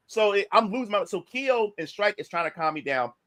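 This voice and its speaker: Speaking fast in a high-pitched voice on a dry recording, a man tells a casual story as a podcast guest. His retelling of a heated confrontation is animated and profane, with him performing what each person said.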